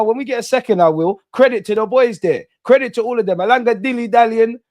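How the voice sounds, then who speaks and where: Man, fan watch-along host, excitable, slangy, dry close sound. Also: extremely high pitch, fast, hardly any pauses, no room sound. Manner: slangy, blunt and excitable, chanting and shouting at goals. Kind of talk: live match watch-along commentary.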